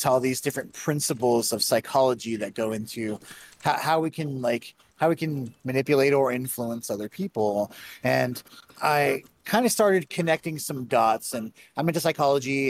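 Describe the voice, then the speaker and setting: A man talking casually on a podcast about a talk he gave. He tells stories with plenty of restarts and an animated, rambling delivery. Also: mid-range voice, slight background noise. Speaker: conference speaker.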